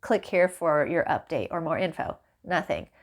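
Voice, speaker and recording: A woman vlogging casually to camera, animated and exasperated, laughing and acting out the exchanges as she tells them. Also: deep voice, moderate pace. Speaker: small business vlogger. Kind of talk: casual ranting vlog to camera.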